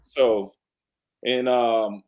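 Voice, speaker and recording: A man on a casual sports talk panel who talks football in an animated, teasing way and laughs often. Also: mid-range voice, extremely slow.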